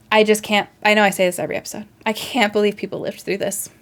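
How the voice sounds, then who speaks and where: A woman's voice: mid-range voice, flat delivery, fast talker, hardly any pauses, a bit bright. Earnest woman hosting a reaction video. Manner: earnest and emotional, thinking aloud. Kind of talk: casual reaction commentary.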